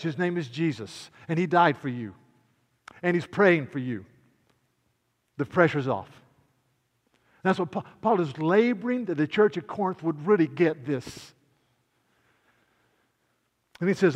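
A man preaching a sermon as pastor, swinging between loud proclamation and hushed, intimate asides. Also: fairly high pitch, big pitch swings, unhurried, long pauses, long reverb tail.

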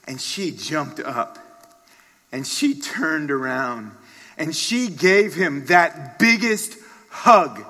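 A man preaching a sermon, telling a story dramatically and swinging from hushed passages to loud ones. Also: fairly high pitch, expressive, slow, husky. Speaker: pastor. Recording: long reverb of a large hall.

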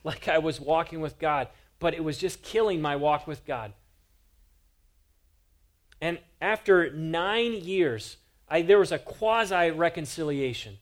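A pastor delivers an earnest, emphatic sermon, hammering his points home with repeated rhetorical questions. His voice is a little high.

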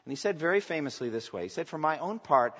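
A man, a pastor, delivering a sermon with impassioned preaching that swings between loud emphatic lines and quiet asides. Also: on the high side, lively intonation, quick pace. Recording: echoey church hall, dull lo-fi sound.

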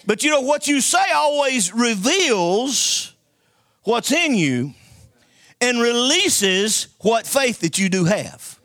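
A man's voice: extremely high pitch, very animated, slow, a bit bright, no echo, studio quality. A man preaching a sermon, telling folksy stories and calling for amens from the congregation. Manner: call-and-response preaching, folksy storytelling.

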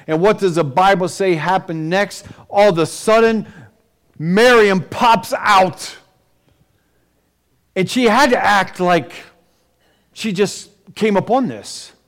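A man preaching a sermon, retelling a scripture story with dramatic, animated storytelling. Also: high-pitched. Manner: dramatic, storytelling, with rising and falling intensity. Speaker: pastor.

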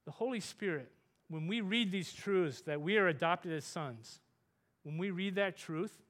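A man preaching a sermon, earnest, rising loud for emphasis and dropping soft on tender points. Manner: earnest, rises in pitch and volume for emphasis, softens for tender points.

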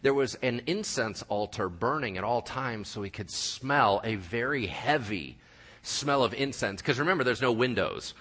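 A male pastor delivers an animated, joking sermon to his congregation. His voice is bright and forward, and it rings out with the long reverb of a church hall. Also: mid-range voice, normal speed. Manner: animated, jokey, talks to the congregation.

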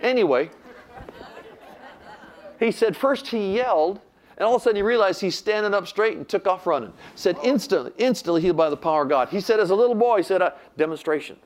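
A man's voice: high-pitched, lively intonation, a little fast. An older man preaching, telling a story animatedly and acting out the voices he quotes. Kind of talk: sermon storytelling.

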